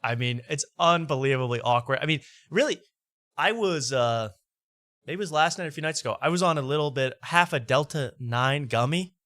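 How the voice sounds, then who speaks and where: A man with a bright, forward voice talks through a podcast clip in loose, wry commentary, laughing at it as he goes. The sound is close and dry. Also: a little high, brisk, dry recording. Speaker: host reacting to podcast clips. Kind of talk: casual commentary.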